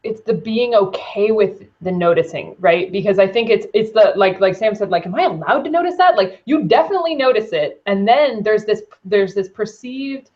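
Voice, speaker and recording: A woman with an average-pitched voice co-hosts a discussion, thinking aloud and building on the other speakers' points. Her audio sounds slightly dull and lo-fi. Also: normal speed, few pauses, a little mellow. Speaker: co-host. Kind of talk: conversational interview.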